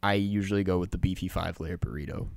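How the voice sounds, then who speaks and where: A young man co-hosting a podcast, chatting casually and telling animated stories with frequent laughs. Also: low-pitched, fast talker, vocal fry, dry recording. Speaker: podcast co-host.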